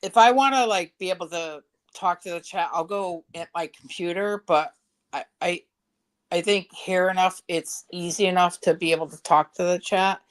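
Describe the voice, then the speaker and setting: A woman's voice: on the low side, normal speed. A woman chatting on a group live stream, hesitant and trailing off mid-thought. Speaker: stream participant.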